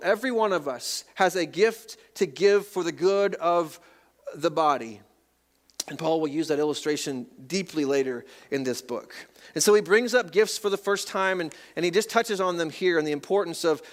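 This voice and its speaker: Folksy pastor preaching a sermon. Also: male voice, high-pitched. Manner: folksy, reads scripture aloud, jokes with congregation. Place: church sanctuary.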